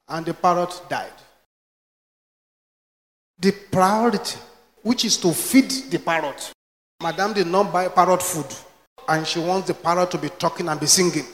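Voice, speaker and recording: A man preaching a sermon, telling stories with emphasis and rising to shouts. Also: sits high, measured pace, pauses often. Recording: echoey hall reverb.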